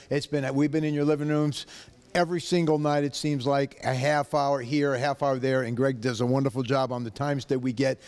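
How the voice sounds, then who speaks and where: A man from the area pitching his own car dealership in a loud, brash, excitable TV ad style. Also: smooth. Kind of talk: hyped dealership TV ad.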